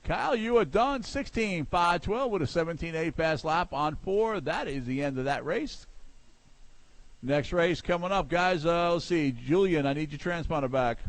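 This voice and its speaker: Guy calling rc races live, quick instructions, jokey, dry close sound. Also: fairly high pitch, no room sound. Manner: brisk, joking, calls times and gives instructions. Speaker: race announcer at a hobby RC track. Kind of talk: live race calling and track announcements.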